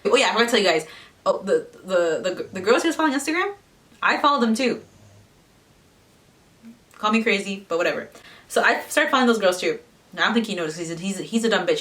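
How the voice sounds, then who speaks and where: A young woman in her twenties talks casually to her camera, swearing freely and putting on the voices of the people in her story. Her voice sits at a middling pitch and sounds a little distant from the mic. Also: fairly bright tone. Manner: chatty, swearing, mimics others in quotes. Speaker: vlogger.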